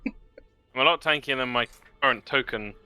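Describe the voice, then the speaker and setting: A man talking as a player in a tabletop game, quick and plain-spoken. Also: mid-range voice, sharp tone, clean tone, no echo.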